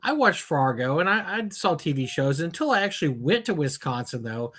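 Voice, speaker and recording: A man from Texas with a Texas accent, co-hosting a podcast and telling anecdotes in an expressive, emphatic way. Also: a little high, a little fast. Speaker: podcast co-host. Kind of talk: casual chat.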